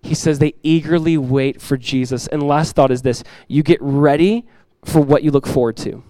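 At a moderate pace, a middle-aged male pastor delivers his sermon in a church sanctuary, driving key lines home through repetition with earnest, direct conviction. He puts on animated everyday voices for emphasis, his voice sitting a bit high for a man, and the sound is close and dry with little echo.

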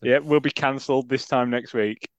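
A man's voice: mid-range voice, steady tone, no echo, lo-fi sound. A man co-hosting a casual football podcast, sarcastic and jokey. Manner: sarcastic, jokey, quick asides. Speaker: podcast co-host.

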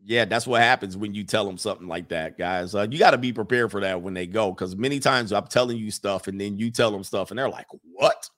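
A man's voice: lowish voice, fast, hardly any pauses, a bit bright. A man hosting a casual livestream, talking emphatically with many fillers and restarts and reading chat comments aloud.

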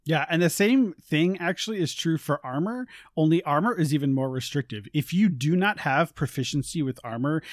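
A chatty man with a fairly high voice walks listeners through tabletop game rules. He talks in a relaxed way, full of fillers, on a dry, close recording. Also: no echo. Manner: chatty, with many fillers and quick asides. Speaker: co-host. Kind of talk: casual explaining of game rules.

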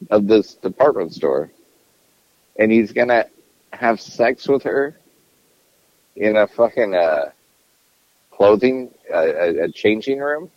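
A man with a deep, low voice talks politics loosely and crudely, rambling and circling back on his own phrases. The sound is dull and lo-fi, with a dry, close feel and no room echo. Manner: profane, rambling, restarts sentences. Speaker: podcast co-host. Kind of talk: casual political chat.

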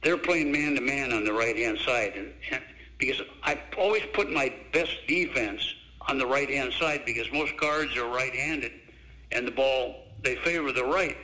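An older man, once a basketball coach, tells stories in an interview with a mid-range voice at normal speed. He's an animated storyteller who acts out the voices of people he quotes, and the audio is poor.

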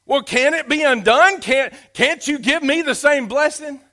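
A man voicing a rough hunter son who shouts his words with excitement. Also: a little high, normal speed, full character voice. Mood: pleading.

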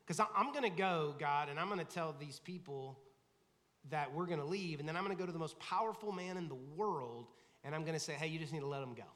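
A man's voice: fairly high pitch, fairly quick, fairly bright tone. A man, the lead pastor, preaching a sermon in a casual, conversational way, acting out quoted voices. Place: large church sanctuary. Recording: long hall reverb.

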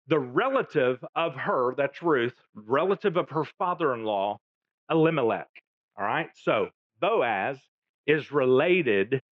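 Man, pastor, sermon, storytelling with jokes, animated, dull lo-fi dry sound. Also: a little high, no echo. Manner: storytelling with jokey asides.

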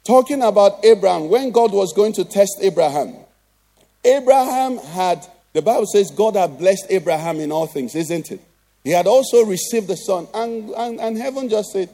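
A man's voice: high-pitched, animated, moderate pace, dark tone. A Nigerian man preaching a sermon as pastor, tossing rhetorical questions at the congregation.

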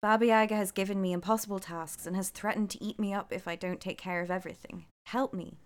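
A woman's voice: medium pitch, fairly even intonation, fast talker, natural voice. A woman reading aloud, voicing a timid, polite young girl in a storybook. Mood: pleading.

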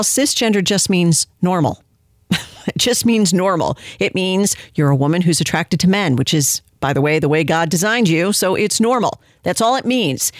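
A woman host delivers opinion commentary with sarcastic disbelief and open indignation. Her voice sits at a middle pitch, and the sound is dry and close. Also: dry recording.

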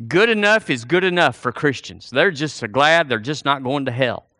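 A man's voice: mid-range voice, expressive, normal speed, bright, forceful tone, no echo, studio quality. A man preaching a fervent sermon, repeating phrases and drawing the congregation in. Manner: fervent, repetitive preaching with call-and-response.

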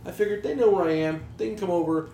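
A man hosting a podcast, swearing freely through lively, animated stories about his tool business. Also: sits high, fast. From New Jersey. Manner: profane, animated storytelling. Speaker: podcast host, tool dealer. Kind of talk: casual podcast chat. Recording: roomy echo, faint background hiss.

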